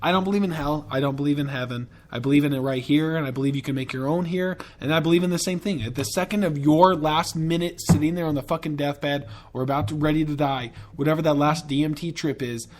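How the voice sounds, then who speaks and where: A man's voice: fairly high pitch, fast, few pauses, a little mellow. A man hosting a podcast in a casual, rambling and profane way, with enthusiastic tangents. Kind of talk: casual chat.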